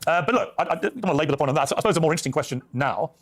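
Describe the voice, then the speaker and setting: A man's voice: a little high, expressive, very fast. A man conducting a broadcast interview, asking probing, pointed questions.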